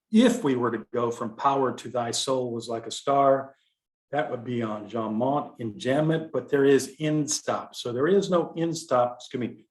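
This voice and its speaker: A man's voice: mid-range voice, reverberant. A man with a Texan accent giving an informal poetry lecture, talking conversationally, digressing and correcting himself with fillers. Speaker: contest director teaching poetry explication.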